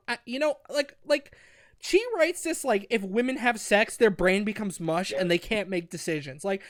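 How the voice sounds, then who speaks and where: A man co-hosting a casual podcast, talking in an animated, profane and mocking way. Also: high voice, moderate pace, dry recording, clean studio sound. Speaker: podcast co-host. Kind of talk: casual chat.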